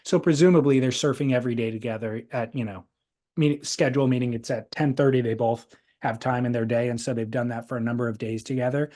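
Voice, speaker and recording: A man's voice: medium pitch, fairly even intonation, fast, dark tone. A man hosting a casual podcast chat, talking things over thoughtfully and reading a listener's letter aloud. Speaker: podcast host.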